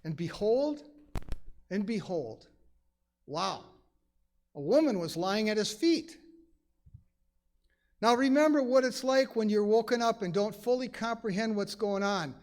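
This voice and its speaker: A man with a high-sitting, lively voice leads a conversational Bible study in a church, speaking unhurriedly with long pauses. He's emphatic and chatty, acting out quoted lines and sprinkling in many "you know" asides.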